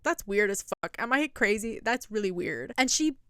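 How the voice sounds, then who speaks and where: A woman's voice: mid-range voice, animated, normal speed, fairly bright tone, no echo, clean studio sound. A young woman recapping a reality show in casual, sarcastic commentary. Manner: chatty and sarcastic, quotes people in mock voices. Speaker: recap vlogger.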